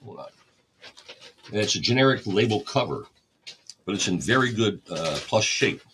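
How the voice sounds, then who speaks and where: A man's voice: on the low side, animated, normal speed, fairly bright tone, slight background noise. A man hosting a record store livestream, casually explaining each step while he catalogs vinyl. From United States.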